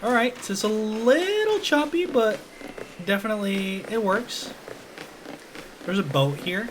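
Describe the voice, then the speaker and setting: A man's voice: high-pitched, expressive, measured pace, noisy background. A young man casually commentating a game on his stream, joking and slangy. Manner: joking, slangy, laid-back.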